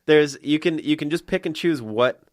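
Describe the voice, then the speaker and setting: A man's voice: on the high side, normal speed, no room sound, clean studio sound. Laid-back man telling rambling stories. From US Midwest. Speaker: comedian guest. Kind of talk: casual podcast chat.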